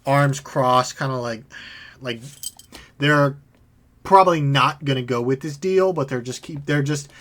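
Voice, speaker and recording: A man's voice: mid-range voice, measured pace, fairly bright tone. A young man narrating as game master in a tabletop game, casual and filler-heavy.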